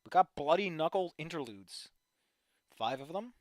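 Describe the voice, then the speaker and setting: Worn-out, swearing streamer with a lively voice. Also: mid-range voice, normal speed, no room sound, clean studio sound. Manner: weary, profane, ranting. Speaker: streamer reviewing fan fiction. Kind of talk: casual livestream commentary.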